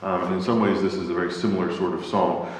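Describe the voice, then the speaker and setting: A man teaching an adult Bible class in a church, talking thoughtfully, often pausing with fillers as he searches for the right word. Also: low voice, steady tone. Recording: echoey hall.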